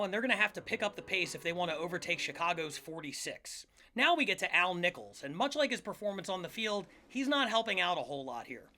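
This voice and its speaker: A man hosting a comedic history show, narrating from a script with sarcastic, jokey asides. His voice is high and bright. Faint music plays underneath. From Philadelphia area. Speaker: podcast host.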